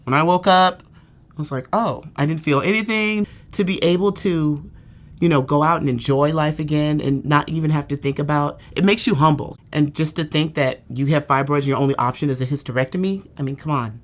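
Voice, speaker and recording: A woman's voice: sits low, a little fast. A woman patient telling her treatment story candidly, with lots of "you know" fillers. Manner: self-described dramatic storyteller. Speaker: patient giving a testimonial. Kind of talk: candid testimonial interview.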